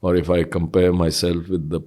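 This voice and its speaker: A man, speaking as an interview guest in a thoughtful, hesitant way with many pauses and fillers. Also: deep voice, level tone, mellow. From India. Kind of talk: reflective interview conversation.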